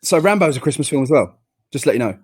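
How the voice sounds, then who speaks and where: A man's voice: medium pitch, expressive, rapid-fire, a little mellow, husky. A man co-hosting a casual chat, telling jokey stories with mock outrage. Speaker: podcast co-host.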